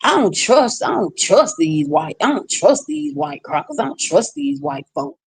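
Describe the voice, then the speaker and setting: A woman's voice: high-pitched, big pitch swings, normal speed, vocal fry, no echo, voice pushed up, exaggerated voice. A woman voicing her rude, hostile older mother, with a snarling and contemptuous manner.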